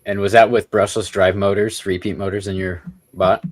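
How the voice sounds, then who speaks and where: Deep-voiced man hosting a livestream. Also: level tone. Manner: reacts with quick short interjections, reads chat aloud. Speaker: livestream host. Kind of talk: casual livestream chat.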